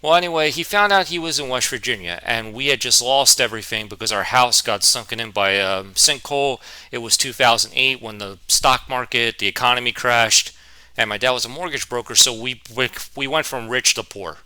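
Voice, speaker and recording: A man in his twenties telling a rambling, animated, self-mocking story in a vlog, a little out of breath. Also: mid-range voice, fairly quick, clear, resonant tone, no echo. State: a bit out of breath. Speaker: vlogger.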